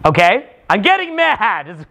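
A man leading a live workshop for a small group, talking in a profane, animated way with mock rants. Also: sits high, normal speed, creaky, slight background noise. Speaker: seminar speaker.

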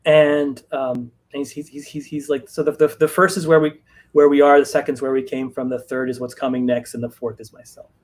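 A man's voice: mid-range voice, flat delivery, fairly quick. A man on a video call telling a long story casually, with many fillers and restarts. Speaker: guest writer.

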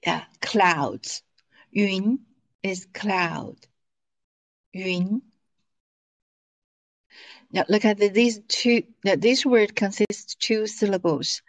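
A woman teaching a language class, repeating words slowly and patiently for her students. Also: medium pitch, poor audio.

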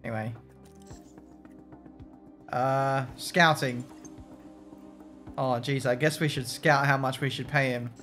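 A man's voice: medium pitch, steady tone, takes it slowly, long pauses, fairly bright tone, soft background music. A man streaming a racing management game, joking, swearing and talking to his chat. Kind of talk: casual gameplay commentary.

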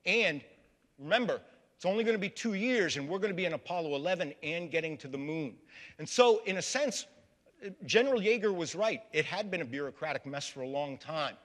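A man's voice: a little high, lively intonation, fairly quick, a bit bright. A man giving a public history lecture to a live audience, storytelling and calling them folks. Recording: long reverb of a large hall.

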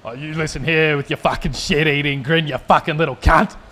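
A man's voice: on the high side, fairly even intonation, fairly quick, sharp tone. A man putting on a crude, broad Australian bloke. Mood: scolding. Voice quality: broad exaggerated drawl, swearing. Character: crude stereotypical Australian bloke, gruff dad scolding son.

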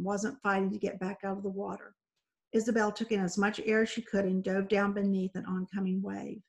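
Gravelly-voiced woman teacher reading aloud. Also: medium pitch. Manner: expressive, dramatic read-aloud. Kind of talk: reading a novel aloud to a class.

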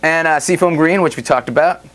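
A man's voice: a little high, fairly quick. A middle-aged man hosting a guitar demo, chatting casually in a loose, joking way with rambling asides and laughter. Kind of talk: casual chat demonstrating a guitar.

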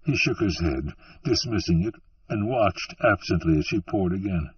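A man reading an audiobook in a slow, measured storytelling manner. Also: deep voice, animated, slightly rough, distant mic. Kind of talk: scripted audiobook narration. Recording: muffled, dry, from off-mic.

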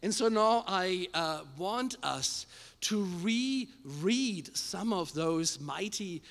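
Bright-voiced preacher man in an echoing hall. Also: on the high side. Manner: emphatic, building to shouted climaxes; addresses the congregation directly with questions. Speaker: pastor. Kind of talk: sermon. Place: church service with a live congregation. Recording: long hall reverb in a church.

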